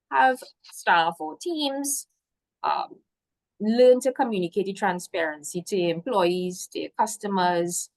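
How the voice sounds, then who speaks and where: Encouraging woman presenting a webinar. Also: lowish voice. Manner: encouraging, lists points, frequent "so". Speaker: workshop guest host. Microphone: video call.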